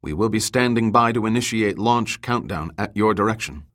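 A man's voice: fairly low pitch, moderate pace, fairly bright tone, lightly acted. A man voicing a male ship captain giving formal orders over the radio.

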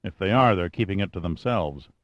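A man's voice: low-pitched, lively intonation, a little fast, no echo, lo-fi sound. A man voicing a blunt, stubborn big scientist. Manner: indignant, demanding.

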